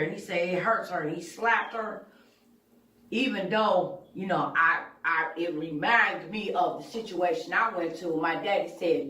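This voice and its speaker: A woman with a lowish, slightly bright voice hosts her own channel and tells a personal story bluntly and candidly, with plenty of profanity. She sounds far from the mic in an echoey room.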